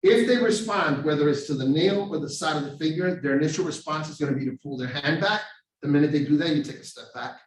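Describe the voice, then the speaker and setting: A man's voice: fairly high pitch, fast. A man giving a live overdose-prevention training, talking casually and animatedly. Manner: animated storytelling with acted street voices. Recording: very echoey room, far from mic.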